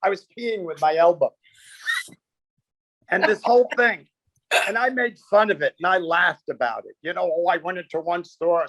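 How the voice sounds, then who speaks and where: A man's voice: sits high, fairly quick, a bit bright, no room sound. A man, a comedian guest, telling stories with punchy quoted bits and lots of animation.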